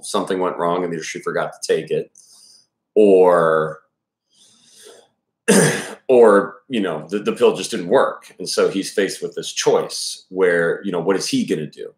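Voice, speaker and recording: A man reading a novel aloud, then commenting casually with profane asides and many fillers. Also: deep voice. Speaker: audiobook reader and commentator. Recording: echoey room.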